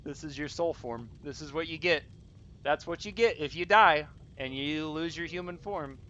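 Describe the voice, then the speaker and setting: A man's voice: on the high side, normal speed, bright, forceful tone, highs cut off, a little hiss or hum. A man streaming live gameplay commentary, talking straight to his viewers in a casual, rambling way, full of restarts and fillers, encouraging them as he plays. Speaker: gaming streamer.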